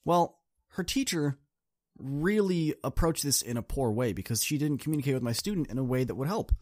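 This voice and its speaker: A man tells a coaching story to his podcast listeners. He speaks in an earnest, direct, casual way at a middle pitch. A close mic captures him in a dry room. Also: animated, brisk, a little mellow, dry recording. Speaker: podcast host and student coach.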